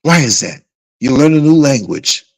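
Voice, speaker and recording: A man hosting a casual livestream, telling rambling, animated stories and reading comments from viewers. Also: mid-range voice, moderate pace, no room sound, poor audio. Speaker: livestream host.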